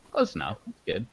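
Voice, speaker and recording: A man hosting a casual livestream, chatting in a rambling way with lots of fillers. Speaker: livestream host. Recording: dull lo-fi sound.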